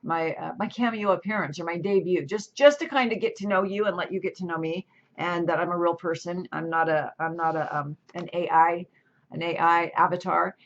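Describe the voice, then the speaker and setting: A woman's voice: lowish voice, fairly quick, a little hiss or hum. A middle-aged woman from California hosting her own channel as a real estate agent, talking casually to the camera in a chatty way full of asides and restarts. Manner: chatty, self-interrupting, lots of asides. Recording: slightly dull lo-fi audio.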